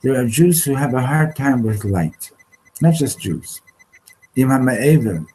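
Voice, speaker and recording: A man leading an informal Torah class, halting and restarting often, slipping Hebrew terms into his English. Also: mid-range voice, animated, warm tone, breathy edge, low-quality recording. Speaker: Torah teacher. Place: study hall classroom.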